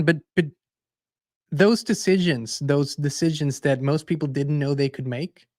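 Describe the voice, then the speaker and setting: A man hosting his own show, telling anecdotes with emphasis and acting out the other voices, then speaking bluntly and forcefully. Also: a little high, dry recording, clean studio sound. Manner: forceful and blunt toward the end. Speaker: host and songwriter. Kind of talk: casual spiritual monologue.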